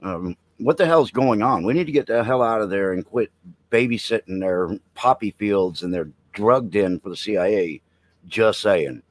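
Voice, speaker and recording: A man's voice: fairly low pitch, moderate pace, dry recording, poor audio. A middle-aged man hosting a veteran's live stream, reading headlines and riffing bluntly with chat. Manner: blunt, joking, reads headlines then riffs, talks to chat. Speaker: veteran podcast host. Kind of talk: casual live-stream commentary.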